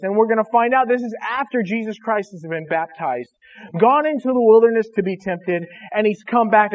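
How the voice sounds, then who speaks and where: A man's voice: sits high, dull audio. A man preaching a sermon, earnest and conversational, speaking directly to his congregation. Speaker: pastor.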